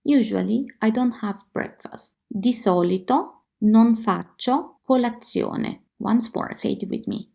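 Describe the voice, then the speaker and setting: A woman with an Italian accent teaching a language lesson, repeating phrases slowly and carefully for learners. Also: on the high side, gravelly, dark tone. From Italy. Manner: slow, careful repetition for learners. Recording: slightly dull lo-fi audio.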